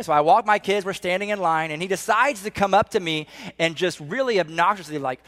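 Animated middle-aged male pastor preaching. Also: high-pitched, fairly quick. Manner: animated storytelling, drops to a soft hush for emphasis. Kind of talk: sermon.

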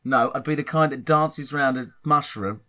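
A man co-hosting a comedy podcast, talking in a rambling, hesitant, deadpan way. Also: mid-range voice, moderate pace. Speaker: podcast co-host. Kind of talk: casual comedy chat. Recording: dull lo-fi sound.

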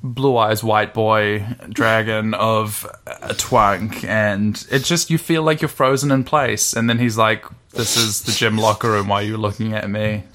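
A man's voice: on the low side, fairly even intonation, unhurried, a bit bright, a little hiss or hum. Rambling, jokey male podcast co-host. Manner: rambling, jokey, acts out dialogue. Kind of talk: casual comic chat about manga.

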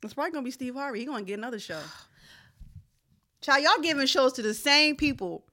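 A woman's voice: high-pitched, a little fast, bright, forceful tone. A woman hosting a casual chat, teasing and emphatic, often repeating herself. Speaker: podcast host.

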